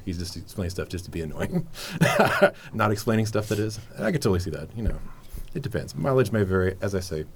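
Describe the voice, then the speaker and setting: A man's voice: on the low side, a little mellow, a little hiss or hum. A man hosting a casual library podcast, chatting in a rambling, enthusiastic way full of fillers. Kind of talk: casual chat.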